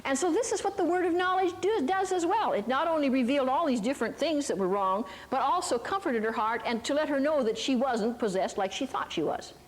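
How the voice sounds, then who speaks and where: A high-pitched older woman preaching to a live audience, recorded in a reverberant hall. She tells her stories in a chatty, folksy way and keeps checking in with her listeners. She often asks them little questions along the way. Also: expressive, brisk, few pauses. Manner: chatty, folksy, with lots of asides and tag questions. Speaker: teacher of a Christian ministry. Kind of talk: sermon with storytelling.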